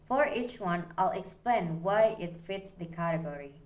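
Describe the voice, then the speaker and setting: A woman's voice: lowish voice, lively intonation, unhurried. A young woman student giving a recorded class presentation, explaining steadily as she reads through her slides.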